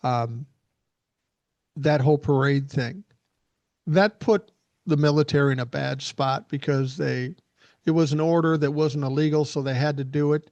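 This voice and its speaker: Man in his 60s, podcast host, blunt and profane, slightly high voice, dry close sound. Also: steady tone, moderate pace, long pauses, darkish tone, no room sound, dull audio. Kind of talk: casual podcast chat.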